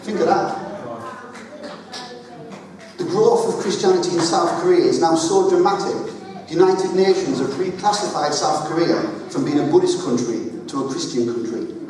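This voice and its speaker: Male preacher, slightly high voice, jokey and emphatic, heard from far off in an echoey church hall. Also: moderate pace, darkish tone, a little hiss or hum. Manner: chatty, joking, emphatic. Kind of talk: sermon.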